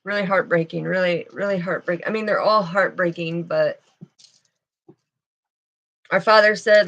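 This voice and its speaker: A woman giving a spiritual channeling reading, tearful and halting, speaking slowly with sadness in her voice. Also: on the low side, fairly even intonation, a bit bright. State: tearful, sad voice. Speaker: intuitive tarot reader.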